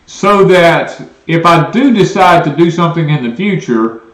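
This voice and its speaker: A Southern man with a fairly high voice hosts a casual homestead live stream. He rambles along, reading out viewer comments in a relaxed, chatty way, and the room around him rings with echo. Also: moderate pace. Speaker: homestead channel co-host.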